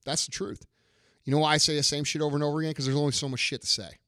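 A man's voice: on the high side, fairly even intonation, rapid-fire, fairly bright tone, dry recording, clean studio sound. A middle-aged man hosting a podcast, delivering a blunt, profane motivational rant and repeating his lines for emphasis. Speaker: podcast host.

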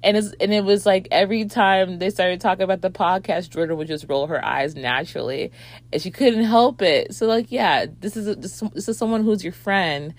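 A woman's voice: mid-range voice, normal speed. A woman reviewing a movie in a rambling casual chat, with lots of fillers and swearing.

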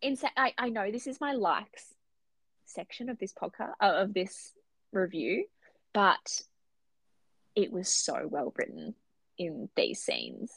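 A woman co-hosting a casual book podcast, animated and gushing, swearing freely as she talks. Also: medium pitch, slow pace, gravelly, long pauses, slightly rough, no echo. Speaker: podcast co-host.

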